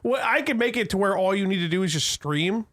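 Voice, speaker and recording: A man's voice: high voice, expressive, fairly quick, a bit bright. A man co-hosting a casual podcast, talking loosely and swearing while drinking. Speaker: podcast co-host. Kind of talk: casual chat.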